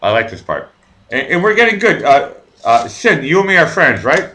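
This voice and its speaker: A man hosts a live talk stream in a bright, tense voice, and his pitch swings widely. He rambles, stammers on fillers and throws in crude jokes. The pace is loose and chatty. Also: very animated, moderate pace. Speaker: live show host. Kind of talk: casual live chat.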